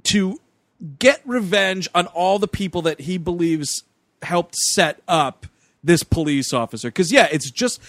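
A man co-hosting a podcast, recapping a movie in casual chat with an animated, sarcastic manner. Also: high voice, a little slow, no room sound. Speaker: podcast co-host.

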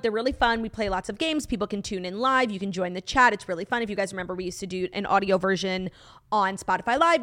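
A woman's voice: medium pitch, fairly bright tone. A young woman co-hosting a podcast, chatting casually and gushing, swearing freely and laughing often. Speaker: podcast co-host. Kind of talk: casual chat.

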